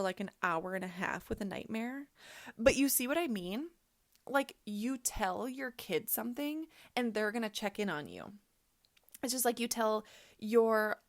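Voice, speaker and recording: A young adult woman hosting a casual podcast as a coach, chatty and full of "like" with animated asides. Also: fairly high pitch, no room sound, clean studio sound.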